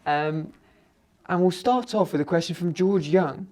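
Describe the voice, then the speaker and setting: A man hosting a cricket podcast, introducing guests and reading out listener questions in a measured way. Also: high-pitched, a little mellow. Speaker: podcast host.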